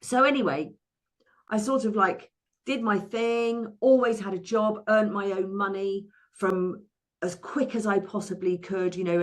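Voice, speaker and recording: A mid-range voice belongs to this woman from England, a therapist and money coach in her sixties. As an interview guest she tells her life story vividly, with frequent restarts and playful impressions of what people said.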